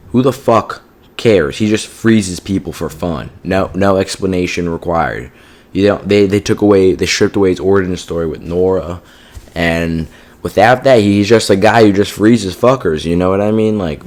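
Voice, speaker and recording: A man's voice: sits low, darkish tone. A man giving a casual, profane review of a TV show, exasperated and peppered with "like" and "you know what I mean".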